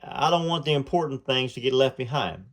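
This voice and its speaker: A man's voice: medium pitch, brisk, lightly acted. A man reading as an earnest young man in love.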